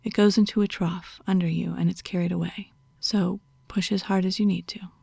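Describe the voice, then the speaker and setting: A woman's voice: on the low side, little pitch movement, normal speed, gravelly, warm tone, husky, no room sound, studio quality, exaggerated voice. A woman voicing a stern, dominant female doctor who gives orders and scolds in a half-whispered voice, as whispered role-play. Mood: commanding.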